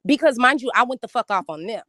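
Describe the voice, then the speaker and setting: A woman telling a story in casual live-stream chat, animated and profane, acting out what others said. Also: fairly high pitch, fast talker, no room sound, studio quality. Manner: animated, profane, acts out quoted speech. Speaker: guest recounting hosting cult members.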